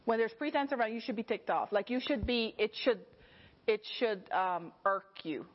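A woman's voice: on the high side, moderate pace. Woman giving a chatty sermon, lo-fi. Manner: conversational, often checks in with the listeners. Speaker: Bible teacher. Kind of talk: informal teaching sermon.

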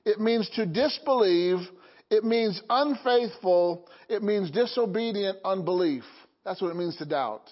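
A man's voice: high-pitched, animated, a little slow. A man preaching a sermon to his congregation, checking in often with "Okay?" and "Amen?". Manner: call-and-response preaching, frequent "Okay?" and "Amen?". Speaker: pastor. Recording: dull lo-fi recording.

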